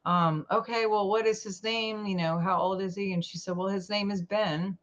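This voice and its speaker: A woman guest in an interview telling a personal story in an animated way, acting out the lines of the people in it. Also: medium pitch, normal speed, dull audio. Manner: animated, acts out quoted dialogue.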